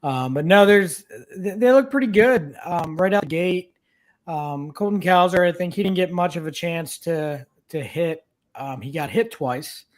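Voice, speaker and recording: A man talking sports on a podcast over a remote call, relaxed and full of fillers. His voice sits a bit above most men's. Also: on the high side, a little slow. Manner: relaxed, hesitant with many fillers. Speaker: podcast co-host. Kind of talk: casual sports chat. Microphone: remote video call.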